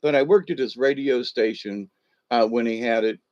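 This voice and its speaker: A man's voice: mid-range voice, normal speed, a little mellow, lo-fi sound. A man, chuckling as he tells a rambling personal story full of ums and uhs. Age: 60s. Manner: rambling, chuckling, with many fillers.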